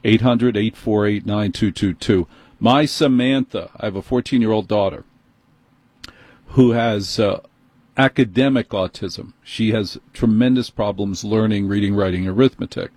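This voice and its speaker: A man with a New York accent hosting a call-in radio show, telling a story in an animated, indignant way. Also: fairly low pitch, moderate pace, no room sound. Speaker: radio talk show host. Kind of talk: call-in talk radio monologue. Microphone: studio microphone.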